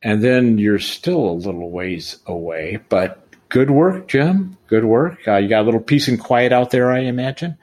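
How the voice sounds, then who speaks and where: A man's voice: mid-range voice, lively intonation, normal speed, hardly any pauses, a little mellow. A man hosting a podcast interview, chatty and joking, often correcting himself. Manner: jokey, rambling, self-correcting. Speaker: podcast host.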